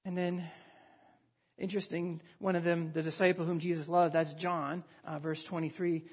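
A pastor preaches a sermon in a fairly high, husky male voice, keeping a level tone and moderate pace. His delivery is conversational and animated, and he often restarts sentences midway while working through the passage.

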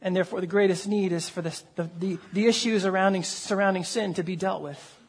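A man's voice: high voice, fairly even intonation, brisk, slightly rough. A man preaching a sermon as pastor, earnest and conversational, with frequent fillers and repeated words.

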